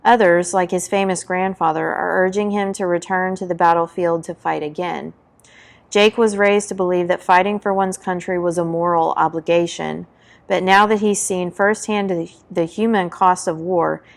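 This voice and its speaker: A woman with a lowish, gravelly voice reads a war novel aloud in a book talk. She leans into the drama and voices the booms and gunfire herself. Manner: dramatic reading, voicing battle sound effects.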